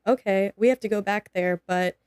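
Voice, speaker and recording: Woman, twenties, podcast guest, casual storytelling, acts out dialogue, smooth clear voice, dry sound. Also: medium pitch, moderate pace, dry recording. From United States. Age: 20s. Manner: animated, acts out quoted dialogue.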